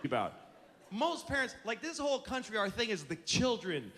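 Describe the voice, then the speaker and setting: During his stand-up routine in front of a live audience, this middle-aged man delivers an exasperated, foul-mouthed rant in a high, fairly bright voice whose pitch swoops wildly, at normal speed. Audience laughter, room ambience and slight background noise can be heard.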